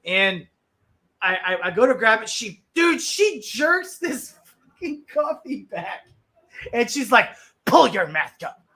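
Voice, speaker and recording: A man hosts a blunt talk stream, and his voice sits high and sounds bright and sharp. He tells his stories with animated, profane energy and trips over repeated words when he gets heated. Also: slow. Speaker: stream host. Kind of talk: blunt casual storytelling.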